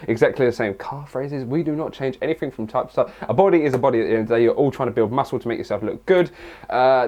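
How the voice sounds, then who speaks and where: A man's voice: medium pitch, a little mellow. A young English man answering viewer questions in a casual vlog, rambling and crude with lots of jokes. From England. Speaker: fitness vlogger.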